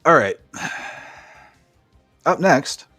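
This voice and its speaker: A man's voice: on the high side, sing-song, extremely slow, sharp tone, husky, no echo, soft background music. A man co-hosting a podcast, recapping wrestling matches in a casual, profane, enthusiastic play-by-play way. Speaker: podcast co-host.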